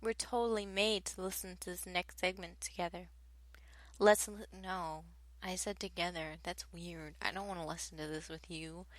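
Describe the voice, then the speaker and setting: A woman's voice: on the low side, steady tone, moderate pace, no echo. A young woman reading radio segment intros, giggling and tripping over her lines as she mocks herself. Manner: giggly, stumbling over lines, self-mocking. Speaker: student radio host. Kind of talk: casual blooper-filled radio announcements.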